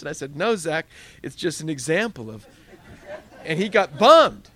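A man's voice: on the high side, fairly quick, no room sound. A middle-aged male pastor preaching a sermon, telling a story and acting out voices as he goes. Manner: storytelling, animated with quoted voices.

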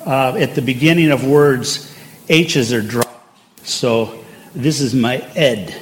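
A man's voice: medium pitch, takes it slowly. Older male pastor, chatty sermon. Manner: conversational and anecdotal, with asides.

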